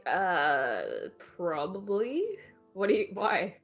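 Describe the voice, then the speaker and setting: A woman's voice: on the low side, expressive, slow pace, faint music behind. A woman from Australia co-hosting a casual late-night chat, laid-back and profane, laughing often. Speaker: co-host.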